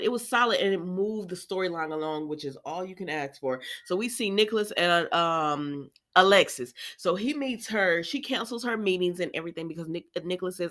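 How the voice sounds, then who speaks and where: A woman hosting a casual, animated recap chat, talking easily and laughing often. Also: medium pitch, a little fast, hardly any pauses. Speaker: soap opera recap host.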